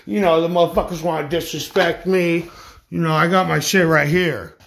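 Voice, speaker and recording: High-voiced man in a profane rant. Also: fairly even intonation, moderate pace, gravelly, a bit bright. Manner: boastful, aggressive, swearing constantly. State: angry. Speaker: vlogger ranting to camera.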